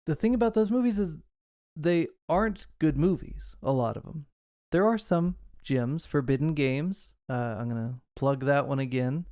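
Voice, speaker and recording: Talkative man with a smooth voice. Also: a little high, normal speed, no room sound, clean studio sound. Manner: animated, rambling, lots of fillers. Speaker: podcast co-host. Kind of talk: casual film discussion.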